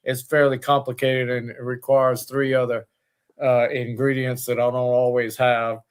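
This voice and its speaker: A man's voice: medium pitch, level tone, normal speed, clean tone. A man, the owner of a distillery, talking as a guest in a casual interview, rambling with many fillers and restarts.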